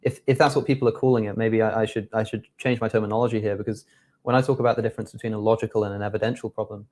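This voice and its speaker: A man with a somewhat low voice argues as a panelist in a casual debate, talking quickly. He stammers and repeats words as he works toward his point. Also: steady tone, darkish tone. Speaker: discussion panelist.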